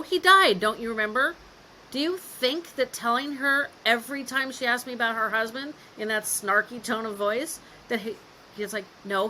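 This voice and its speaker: A woman's voice: a little high, sharp tone, a little hiss or hum, rough recording. A woman guest on a caregiving podcast, telling stories in a frank, lightly laughing way. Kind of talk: candid conversational interview.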